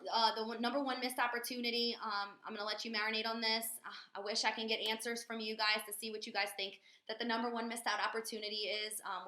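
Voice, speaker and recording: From a corporate office, a woman runs a sales training webinar in a chatty, energetic style full of fillers. Her voice is medium-pitched, and the room sounds echoey.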